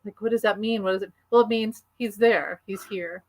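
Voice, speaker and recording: A woman's voice: mid-range voice, fairly even intonation, fairly quick, a crowd in the background. Chatty, enthusiastic woman co-host. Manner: enthusiastic, chatty, laughs often. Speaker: podcast co-host. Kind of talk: casual chat.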